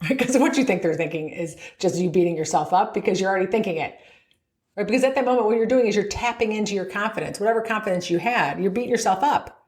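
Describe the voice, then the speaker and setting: A woman's voice: mid-range voice, fast talker, a little mellow, reverberant. Middle-aged woman golf coach, upbeat podcast delivery, laughs a lot, voices players' inner chatter.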